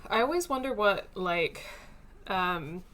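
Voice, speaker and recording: A woman's voice: medium pitch, lively intonation, takes it slowly, a bit bright, slight background noise. A woman streaming a story game, chatting casually and thinking aloud with lots of fillers. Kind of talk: casual let's-play commentary.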